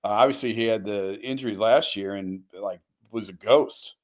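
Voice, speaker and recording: A man's voice: on the low side, normal speed. A man who writes about sports, talking in an easygoing way as a guest on a talk show. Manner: easygoing, hedging with fillers.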